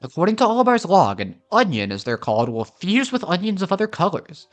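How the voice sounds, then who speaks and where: Man doing an excitable video-game scientist woman, high and eager, formal phrasing. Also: fairly quick. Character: excitable female castaway researcher.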